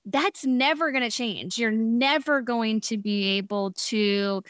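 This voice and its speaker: A woman's voice: fairly high pitch, slow, fairly bright tone, no room sound, clean studio sound. A woman giving blunt, frank advice in a casual podcast chat, acting out little quoted asides as she goes.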